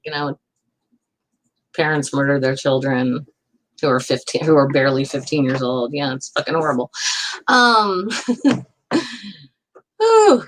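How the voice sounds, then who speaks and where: A woman in her thirties hosts a casual livestream with a slightly low voice. She rambles through stories and answers viewers' comments between laughs. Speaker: livestream host.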